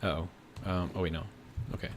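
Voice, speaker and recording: A man's voice: low-pitched, level tone, fairly quick, a little hiss or hum. An American man casually commenting on a video game he plays and reading out chat messages, rambling with lots of fillers. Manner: rambling, thinks aloud with many fillers. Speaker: streamer.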